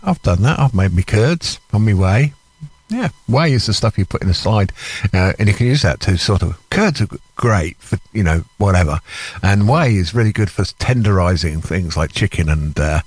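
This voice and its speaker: Lively, rambling radio presenter man. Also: mid-range voice, no room sound. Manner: chatty, rambling asides with self-mocking laughs. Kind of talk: casual radio chat between tracks. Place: radio studio.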